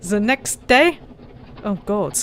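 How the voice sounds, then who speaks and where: A woman's voice: medium pitch, animated, slow pace, a little hiss or hum. A woman hosting a let's play who chats casually, reads the game text aloud with playful emphasis and giggles often. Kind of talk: casual gameplay chat and reading aloud.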